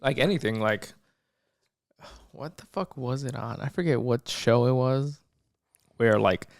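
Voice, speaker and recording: Gravelly, laid-back podcast man. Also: mid-range voice, a little slow, no echo, studio quality. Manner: laid-back, profane, teasing. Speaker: podcast co-host. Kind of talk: casual chat.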